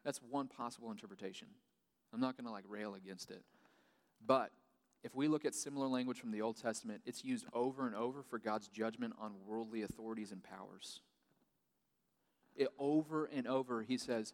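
A man's voice: medium pitch, brisk. A man preaching a sermon as pastor, talking conversationally with casual asides and plain everyday phrasing. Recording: long hall reverb.

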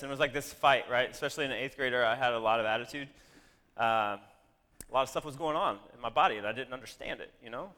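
A man telling a personal story to an audience, animated and full of self-deprecating asides. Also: mid-range voice, fast talker, long reverb tail.

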